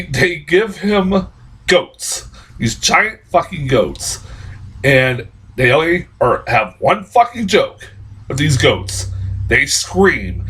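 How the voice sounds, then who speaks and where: A man's voice: on the high side, fairly bright tone, slight background noise, low-quality recording. A young man reviewing a movie in a casual, exasperated rant, cursing often and rambling through restarts and laughs. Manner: exasperated profane ranting.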